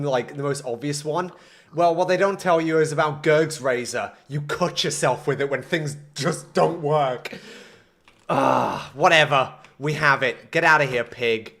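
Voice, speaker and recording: A young man commentating his own gameplay live, excitable and self-mocking, talking to chat. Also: a little high. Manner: excitable, self-mocking, swings between frustration and laughter. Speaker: gaming streamer.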